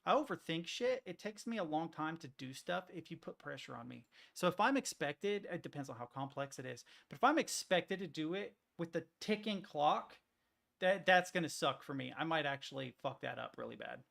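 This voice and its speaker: A male streamer with a slightly high, gravelly voice, chatting casually as he works. He rambles, restarts his sentences often and swears freely. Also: expressive, normal speed, a bit bright. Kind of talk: casual rambling chat while working on stream.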